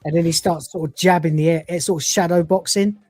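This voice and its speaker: A woman's voice: lowish voice, fairly even intonation, fairly quick, a little mellow, slightly rough, no room sound. A woman co-hosting a casual livestream review, retelling scenes and acting out the characters' lines with put-on voices. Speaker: podcast co-host reviewing episodes.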